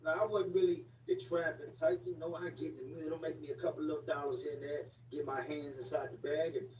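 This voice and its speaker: Man, casual storyteller, slangy and repetitive; mellow tone, recorded from a distance with faint background noise. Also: on the high side, little pitch movement, brisk. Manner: slangy, repetitive street talk. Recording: echoey room, distant mic, faint noise.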